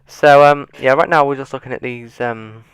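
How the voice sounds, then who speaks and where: A man's voice: mid-range voice, fairly even intonation, normal speed, clear, resonant tone, no room sound. Rambling man, dry sarcastic chatter. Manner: rambling, self-mocking, dryly sarcastic asides. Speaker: gaming YouTuber. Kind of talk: casual gameplay commentary. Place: seated at a computer.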